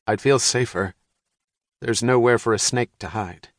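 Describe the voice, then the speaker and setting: A man's voice: medium pitch, measured pace, dry recording, clean studio sound, close to an everyday voice. A man voicing a wary teenage boy who asks cautious questions.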